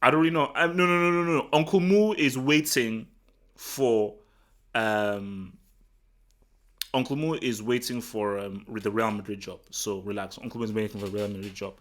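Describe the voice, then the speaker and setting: A man from Nigeria hosting a live football talk stream, chatting casually and answering the chat in an excitable, rambling way full of restarts. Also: lowish voice, moderate pace. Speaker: football talk show host. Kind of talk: casual livestream commentary, reading the chat.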